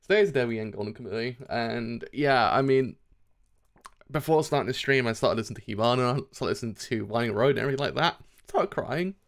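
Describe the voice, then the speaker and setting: A young man streaming a live reaction to a manga chapter, excitable, laughing often and swearing freely. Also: medium pitch, fairly quick.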